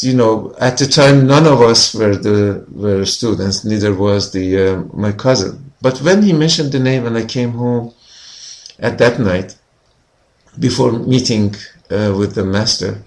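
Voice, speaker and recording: A man being interviewed as a healer, telling a personal story in an earnest way with many "you know" fillers. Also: on the low side.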